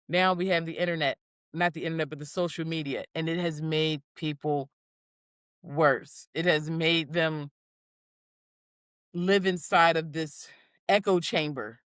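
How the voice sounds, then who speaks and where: A woman's voice: low-pitched, unhurried, long pauses, dry recording. A woman in her forties co-hosting a podcast, chatting casually and acting out little quoted scenes as she tells stories. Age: 40s. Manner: animated storyteller, acts out quotes. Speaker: podcast co-host. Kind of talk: casual chat.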